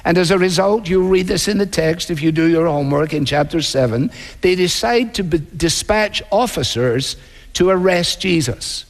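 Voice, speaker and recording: A male pastor delivering a sermon in a measured preaching manner, slowing down to act out quoted voices. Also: sits high, big-room sound.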